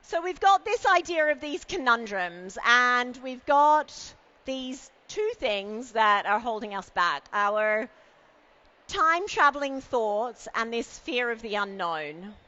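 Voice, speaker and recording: A woman's voice: fairly high pitch, big pitch swings, slow pace, sharp tone, muffled recording. A woman giving a conference keynote on stage, playful and self-mocking, teasing the audience. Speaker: keynote speaker. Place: event stage with a podium.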